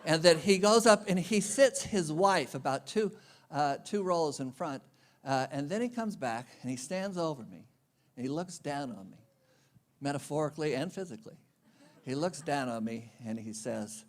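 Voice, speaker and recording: A man's voice: high voice, very animated, normal speed. A man giving a conference speech, telling a humorous self-deprecating travel story. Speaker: conference speaker. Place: conference venue.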